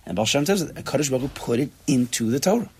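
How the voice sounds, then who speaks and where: With a medium-pitched, slightly rough voice, a man races through an informal Torah class for a small group. He speaks in an animated way, repeating phrases and mixing in Hebrew and Yiddish terms.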